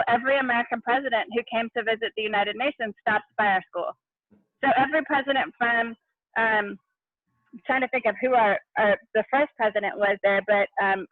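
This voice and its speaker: A woman's voice: on the high side, no echo. An earnest middle-aged woman recounts her own story as a guest on a remote call. She talks vividly and restarts her sentences often. Her voice comes through a thin, phone-like line with no room sound at all. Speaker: interview guest, education consultant. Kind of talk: personal storytelling in a conversation. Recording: tinny phone-like line, dry.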